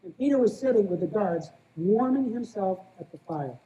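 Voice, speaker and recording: A man preaching from the pulpit in a relaxed, chatty way, with a warm and mellow tone. He talks like a small-town guy and keeps asking his listeners "right?" A faint hiss sits under the voice. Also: sits high, moderate pace, poor audio. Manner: conversational preaching, often asks "right?"; plain-spoken, calls himself a small-town guy. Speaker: pastor. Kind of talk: sermon.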